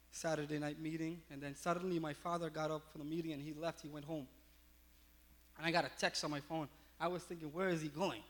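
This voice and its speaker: Brief: male pastor, fairly high voice, animated storyteller, loose and chatty. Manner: animated storytelling with many fillers. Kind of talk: sermon.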